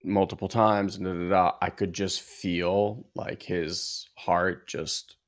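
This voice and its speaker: A man's voice: low-pitched, flat delivery, slow pace. A man co-hosting a podcast, telling a personal story as a father in an earnest, reflective way, full of filler words. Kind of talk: casual conversational storytelling.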